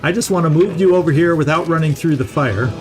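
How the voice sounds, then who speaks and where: A man's voice: a little high, fast, a little mellow, faint music behind. Chatty middle-aged man narrating gameplay. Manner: chatty, thinks aloud, repeats words when restarting. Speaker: gaming channel host. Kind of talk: casual let's-play commentary.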